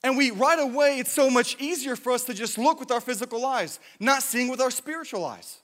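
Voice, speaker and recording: A man delivers a sermon in a high voice, telling stories with plenty of restarts and jokes. His voice carries a long reverb, as if it fills a church hall. He is animated and lightly comic, then earnest. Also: a little fast. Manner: animated, jokey, self-interrupting. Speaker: pastor. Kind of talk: sermon with storytelling.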